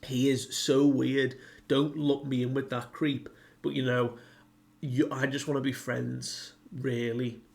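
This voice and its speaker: A man's voice: mid-range voice, level tone, takes it slowly, vocal fry. A man casually recapping a comic chapter, rambling and leaning on "like" while he paraphrases what the characters say. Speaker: manga reviewer.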